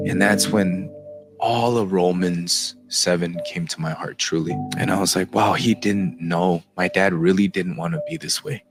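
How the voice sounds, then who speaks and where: A man with a very low voice tells an emotional personal story, close to tears as he acts out what others said. Music plays clearly behind him. He talks in the even manner of a radio or podcast guest. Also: normal speed. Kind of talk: personal testimony.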